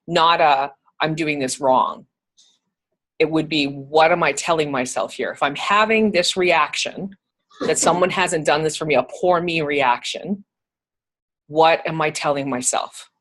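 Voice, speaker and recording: A woman leading a spiritual group discussion, calmly coaching others with reflective questions. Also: low-pitched, a little slow.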